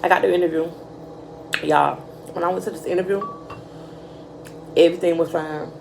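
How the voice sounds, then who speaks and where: Gravelly young woman telling a story. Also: lowish voice, moderate pace, noisy background. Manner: profane, animated, addresses viewers as y'all. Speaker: vlogger. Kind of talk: casual storytime.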